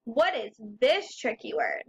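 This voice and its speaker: A woman teaching a reading lesson to young children, slowly sounding out letters and words in a patient, encouraging way. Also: sits high, animated, creaky, husky.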